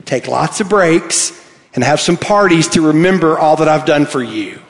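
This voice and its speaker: A pastor preaching a sermon, reading scripture aloud and swinging from soft, quiet lines to emphatic ones. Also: male voice, on the high side, lively intonation, moderate pace. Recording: long hall reverb.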